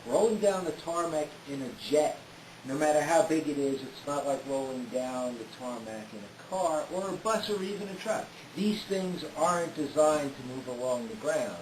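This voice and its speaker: A man telling a detailed first-person story in an unhurried way, often pausing on "uh". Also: mid-range voice. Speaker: storyteller recounting a trip. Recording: roomy with faint hiss.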